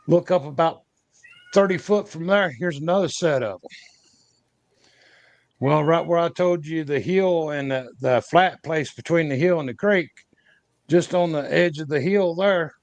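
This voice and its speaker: Male guest, mid-pitched, spins a folksy, rambling tale with plain rural grammar and a dry, close sound. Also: dry recording. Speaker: guest telling an encounter story. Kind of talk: rambling casual storytelling.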